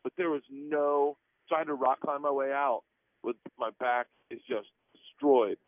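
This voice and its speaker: On a tinny, dry phone line with no echo, a guest comedian in his forties tells a radio interviewer a story about a plane and later an airplane lavatory. His voice is mid-range at a moderate pace, and he's animated, laughing as he talks.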